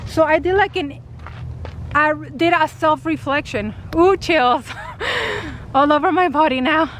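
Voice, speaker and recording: A woman vlogger telling a personal story casually to camera, animated and full of fillers, acting out what people said. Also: high voice, unhurried, slight background noise. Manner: animated retelling, acting out quoted dialogue, many fillers. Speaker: spiritual vlogger.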